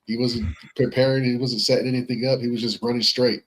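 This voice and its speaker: A man's voice: mid-range voice, little pitch movement, quick pace, low-quality recording. A man co-hosting a fan sports stream, rambling and stammering through his points. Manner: rambling, self-correcting, stammers when explaining. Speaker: co-host of a fan sports show. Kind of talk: live-stream sports talk.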